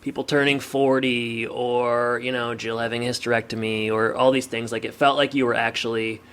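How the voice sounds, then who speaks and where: A man's voice: mid-range voice, little pitch movement, moderate pace, fairly bright tone, smooth. A man co-hosting a podcast in casual chat, rambling with lots of filler words. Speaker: podcast co-host.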